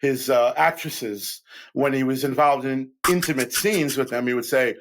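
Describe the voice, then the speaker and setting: A man's voice: medium pitch, fairly even intonation, normal speed, slight background noise, poor audio. Wry man co-hosting a casual chat. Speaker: podcast co-host.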